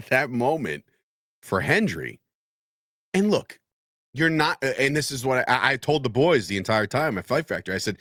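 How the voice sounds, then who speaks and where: Brief: lively, bright-voiced man, podcast co-host, dry close mic, cusses a lot. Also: medium pitch, moderate pace, long pauses, no echo. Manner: animated, swears freely, acts out quotes. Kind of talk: casual wrestling chat. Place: podcast studio.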